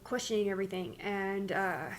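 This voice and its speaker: A woman's voice: mid-range voice, normal speed, a little hiss or hum. Candid rambling woman channeler. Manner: candid, rambling, self-interrupting. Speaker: spiritual channeler. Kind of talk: casual spiritual talk.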